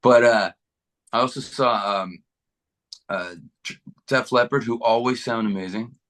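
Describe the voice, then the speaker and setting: A middle-aged man from Canada, a guitarist being interviewed, chatting in a relaxed, rambling way with many restarts. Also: mid-range voice, unhurried. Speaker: guitarist guest. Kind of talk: casual interview chat.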